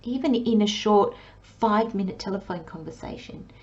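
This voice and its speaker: A woman giving a channelled tarot reading in a soft, dreamy way, often dropping into a hushed whisper. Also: medium pitch, normal speed, dull audio. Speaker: tarot reader.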